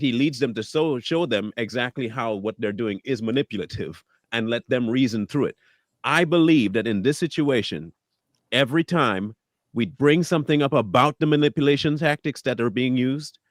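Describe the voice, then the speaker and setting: A man's voice: medium pitch, dry recording. A man co-hosting a live talk stream, speaking casually and animatedly, acting out quoted voices and laughing often. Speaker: co-host.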